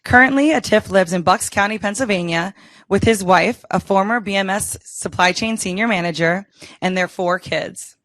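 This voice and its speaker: A woman hosting an event, reading a formal introduction of the speaker in a measured way. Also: mid-range voice, a bit bright, no room sound. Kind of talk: read introduction.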